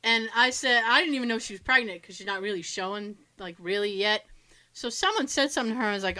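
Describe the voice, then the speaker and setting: A woman co-hosting a podcast, telling animated stories in casual chat, swearing freely and laughing often. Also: on the high side, quick pace. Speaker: podcast co-host.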